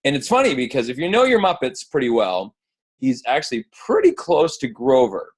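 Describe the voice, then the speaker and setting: A man's voice: mid-range voice, huge pitch swings, normal speed, slightly rough. Jokey man hosting a coaching call. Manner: playful, geeky, jokey, with many fillers. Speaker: host of a team coaching call. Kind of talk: casual chat.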